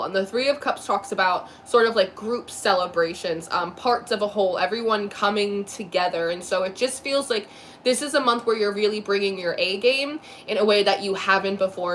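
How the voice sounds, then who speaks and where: Woman, tarot reader, talkative, mid pitch, faint background noise. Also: fairly bright tone. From New Jersey. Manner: chatty, laughs often, quick asides. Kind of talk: live tarot reading chat.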